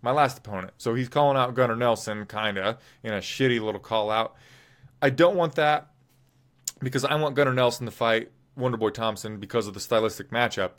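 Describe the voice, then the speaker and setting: A man's voice: medium pitch, brisk, a bit bright. Opinionated man recapping fights. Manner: rambling, opinionated, self-correcting. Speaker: MMA show host. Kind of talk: casual fight recap commentary.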